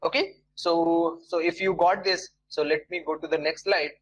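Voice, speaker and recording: A man with a slightly raised voice, teaching an online engineering class. He walks through each step slowly, repeating key phrases and pausing with fillers. He keeps checking in, asking students to answer. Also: a little high, fairly even intonation, slight background noise, low-quality recording. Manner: many fillers and restarts, non-native phrasing. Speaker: lecturer.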